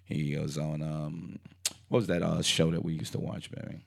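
Low gravelly man retelling a movie. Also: moderate pace. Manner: rambling, animated retelling with acted quotes and restarts. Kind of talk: casual movie recap chat.

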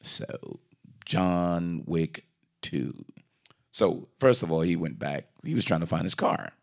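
Low gravelly man retelling a movie. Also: takes it slowly. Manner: rambling, animated retelling with acted quotes and restarts. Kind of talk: casual movie recap chat.

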